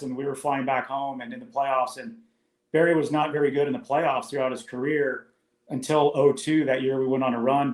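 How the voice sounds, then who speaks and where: Man telling ballpark stories, echoey room. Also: mid-range voice. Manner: rambling, anecdotal, with many restarts. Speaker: former ballplayer guest. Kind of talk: casual storytelling chat.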